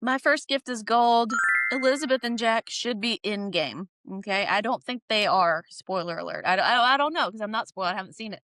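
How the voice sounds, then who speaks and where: A woman's voice: fairly high pitch, a little fast, a bit bright, faint music behind. A woman co-hosting a podcast, recapping a TV show in casual chat, laughing often and acting out characters' lines. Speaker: podcast co-host.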